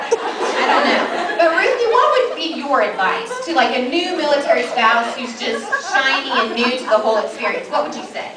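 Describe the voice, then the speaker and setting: High-voiced woman telling a funny story. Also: moderate pace, a loud crowd. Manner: laughing, animated anecdote teller. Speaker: panel moderator and military spouse. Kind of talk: humorous personal storytelling. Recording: echoey hall, distant mic, audience.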